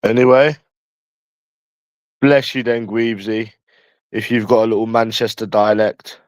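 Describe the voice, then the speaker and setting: A man's voice: fairly low pitch, flat delivery, unhurried, no echo, poor audio. A young man with a London accent chatting casually with viewers, teasing them by asking the same questions over and over.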